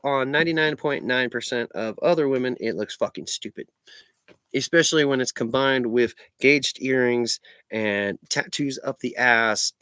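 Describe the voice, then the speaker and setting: A man's voice: medium pitch, fairly bright tone, dry recording. A middle-aged man telling a story in a blunt, sweary, sarcastic rant to his vlog audience. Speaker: vlogger. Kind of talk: profane ranting storytelling.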